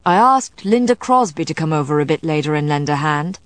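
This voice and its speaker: A woman voicing a composed, protective male scholar who speaks calmly and firmly, in clipped phrases, as an audiobook figure. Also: a little high, brisk, no echo. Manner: calm, firm, clipped.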